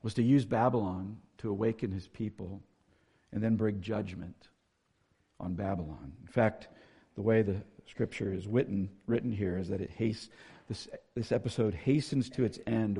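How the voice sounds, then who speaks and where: A man's voice: on the low side, creaky, warm tone, husky, long reverb tail. A man preaching a sermon, earnest and building to emphatic force when he reads scripture aloud. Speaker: pastor.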